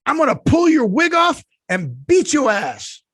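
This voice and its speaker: A man mimicking a belligerent, irate woman passenger, ranting and shouting in a shrill voice. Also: huge pitch swings, a little slow, breathy edge, dry recording, studio quality, full character voice. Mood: furious ranting. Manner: ranting, threatening.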